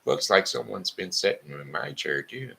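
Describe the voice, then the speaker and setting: A man's voice: sits low, expressive, moderate pace, creaky, bright, forceful tone, pitched above the performer's own voice, heavily acted. A man voicing a fussy mother bear in a storybook reading, in a raised, prim complaining tone.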